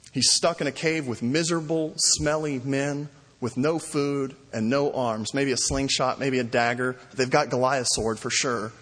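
Male pastor, husky voice, sermon delivery with storytelling, church hall reverb. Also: medium pitch, fairly bright tone. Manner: storytelling preacher, varies pace, acts out cries. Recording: long reverb in a large hall.

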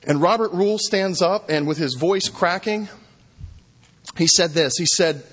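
Slow, husky-voiced preacher in a reverberant hall. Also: male voice, a little high, a bit bright. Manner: earnest, repeating phrases for emphasis. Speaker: pastor. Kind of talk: sermon.

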